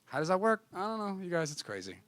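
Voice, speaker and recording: A young adult man preaching, telling a personal story in an animated, confessional way and acting out dialogue. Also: sits high, quick pace, dry recording, studio quality. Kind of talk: storytelling sermon.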